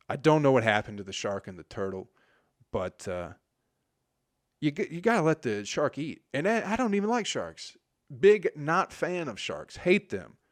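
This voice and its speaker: In a dry, clean studio recording, a forty-something Michigan man with a mid-range voice runs his own podcast. He rambles through a crude, profane monologue that peters out into mumbling.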